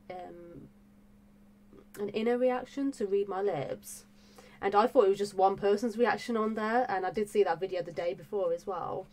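A music reaction YouTuber vlogs excitedly and casually about her reaction channel, gushing breathlessly with lots of fillers and repeated exclamations. Her voice is medium-pitched with a darkish tone, over slight background noise.

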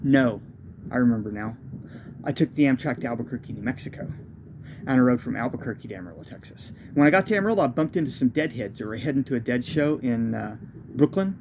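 A man's voice: medium pitch, animated, fast, highs cut off, background noise. A man, a homeless traveler, telling his own road story in a loose, profane, self-correcting way. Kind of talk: rambling spoken storytelling.

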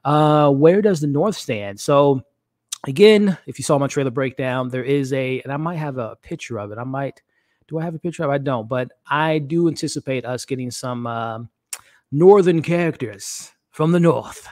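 Male streamer host, mid-pitched, loose chatty delivery aimed at the chat, dry room. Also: moderate pace, darkish tone, dry recording. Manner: chatty, addresses chat directly, frequent fillers. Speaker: YouTube show host. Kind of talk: casual live-stream chat.

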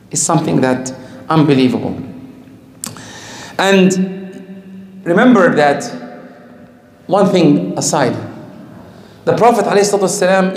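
A man whose first language is Arabic, preaching a storytelling sermon in English in an animated way, acting out the speech of the people in his stories. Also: high voice. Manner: animated, acts out quoted speech, loose grammar. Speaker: Islamic preacher. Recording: echoey room.

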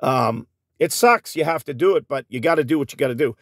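A man's voice: a little high, expressive, fairly quick, fairly bright tone, no room sound, studio quality. A man hosting a casual vlog, reading viewer comments and ranting with frequent restarts, calling his viewers folks. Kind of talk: casual rambling vlog talk. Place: Phoenix area.

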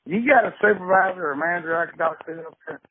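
A man's voice: high-pitched, fast talker, slightly rough, dry recording. Man putting on a blustering Mississippi caller. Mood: indignant. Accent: Southern US, Mississippi. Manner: blustering, cussing, rambling. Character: irate middle-aged Mississippi man, stubborn and rambling. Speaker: prank caller. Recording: tinny phone line with faint hiss.

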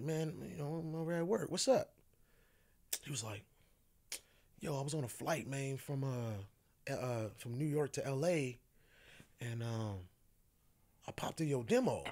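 Man telling a lively story. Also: mid-range voice. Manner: animated, acts out quoted dialogue, laughs often. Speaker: podcast guest. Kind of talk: casual storytelling.

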